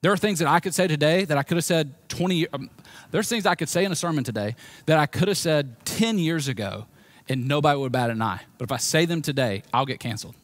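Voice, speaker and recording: A man with a Southern US accent preaching a sermon as pastor, swinging between loud emphasis and quiet, low moments. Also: expressive, fast talker, no echo.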